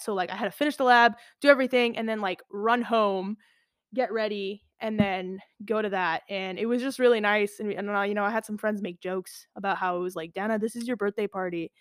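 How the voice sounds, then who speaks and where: A woman's voice: medium pitch, pushed and bright, smooth, no room sound, studio quality. A woman in her twenties telling a personal story as a podcast host, casual and rambling, full of "like" and "you know". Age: 20s. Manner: rambling, filler-heavy, lots of "like".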